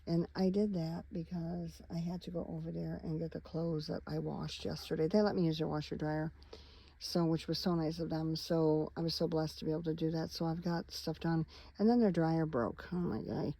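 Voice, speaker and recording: A woman's voice: low voice, level tone, moderate pace, dark tone, breathy edge, rough recording. A tired middle-aged woman vlogging from inside her parked van at night, chatting in a rambling, wandering way straight to her viewers. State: tired, yawning. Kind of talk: casual rambling vlog chat.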